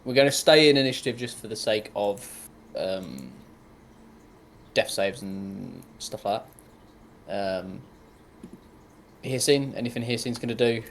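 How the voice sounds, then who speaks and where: Gravelly, low-voiced man running the game. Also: expressive, unhurried, long pauses, a bit bright, slight background noise. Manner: rambling, full of ums and likes. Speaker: game master. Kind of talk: narrating a tabletop game.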